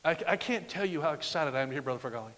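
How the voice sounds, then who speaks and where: A middle-aged man preaching a sermon as a guest pastor, emphatic, swinging from loud declarations to hushed lines. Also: on the high side, animated, racing. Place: church sanctuary. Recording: long reverb of a large church hall.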